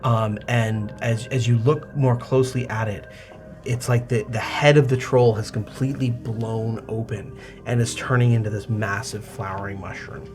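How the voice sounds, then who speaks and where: A man narrating as game master of a tabletop game, animated and hesitant with many fillers. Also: fairly low pitch, moderate pace, over music.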